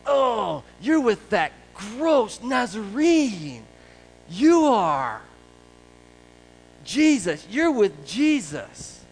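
A man's voice: sits high, very animated, slight background noise, voice pushed up, exaggerated voice, low-quality recording. A man doing a sneering young servant girl. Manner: sneering, slow and scornful.

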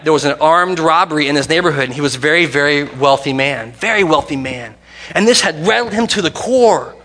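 A man preaching a sermon who reads scripture aloud, dramatic and varied, dropping to a hush for quoted lines. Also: a little high. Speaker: pastor.

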